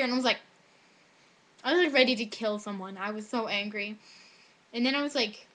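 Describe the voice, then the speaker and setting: A woman's voice: on the high side, fairly quick. A teenage girl telling a casual story about her school day to her webcam, full of "like" and acted-out quotes of other people. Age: teens. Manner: chatty, lots of "like", quoting others in animated voices. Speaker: high school student. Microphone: webcam microphone.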